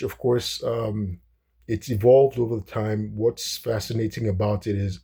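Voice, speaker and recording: A man's voice: on the low side, warm tone, husky. A man talking through a topic off the cuff, with many fillers, restarts and repeated words. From United States. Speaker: host. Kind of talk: unscripted explanatory talk.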